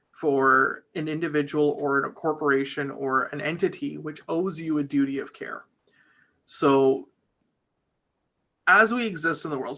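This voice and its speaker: A man's voice: a little high, bright, forceful tone. A man who works as a trial lawyer, chatting casually and energetically as a guest in an interview.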